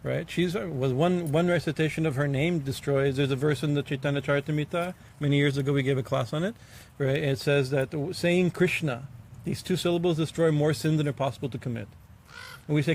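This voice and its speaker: Male swami, gravelly voice, informal halting discourse with frequent fillers and bursts of emphasis, faint background hiss. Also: a little high, a little mellow. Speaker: swami giving a scripture class.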